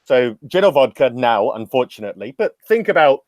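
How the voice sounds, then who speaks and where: A man's voice: mid-range voice, very animated, a little fast, no echo. Dry-voiced man telling wry anecdotes. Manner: expansive, anecdotal, wry humor. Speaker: podcast guest, drinks educator. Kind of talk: casual storytelling interview.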